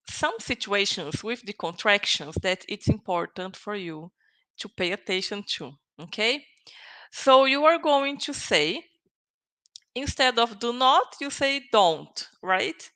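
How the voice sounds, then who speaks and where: A woman's voice: fairly high pitch, very animated, slow pace, sharp tone, low-quality recording. A woman whose first language is Portuguese teaching a live online English grammar lesson, patient and often checking in with "okay?" and "right?".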